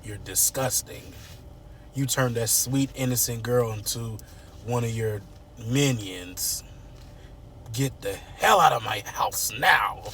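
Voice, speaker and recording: A man voicing a haughty, contemptuous rich woman in a hushed, slow, cutting whispered role-play. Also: mid-range voice, a little hiss or hum.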